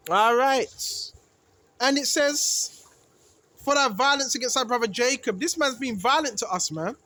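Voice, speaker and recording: A man's voice: unhurried, bright, forceful tone, dry recording. A man teaching from the Bible in a sermon, asking rhetorical questions and often tagging lines with "right?". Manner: preachy, asks rhetorical questions, repeats "right?"; rises in pitch and volume when emphatic. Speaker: street preacher.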